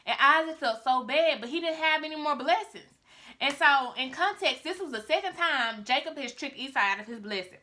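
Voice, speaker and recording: A woman's voice: sits high, animated, brisk, bright, forceful tone. Chatty woman retelling a Bible story. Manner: chatty, addresses viewers. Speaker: vlogger.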